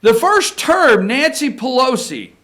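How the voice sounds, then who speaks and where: A political commentator who's a regular on a show speaks slowly in a very high, fairly bright voice with big pitch swings. His opinion monologue is emphatic, repeats its points, and tags lines with "okay?"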